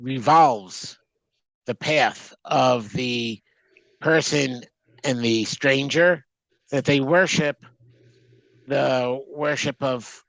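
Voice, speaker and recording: Slow, halting man translating a text. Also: mid-range voice, fairly bright tone, dry recording, rough recording. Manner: halting, restarts words while translating aloud. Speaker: Torah teacher. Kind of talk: text study class, translating line by line.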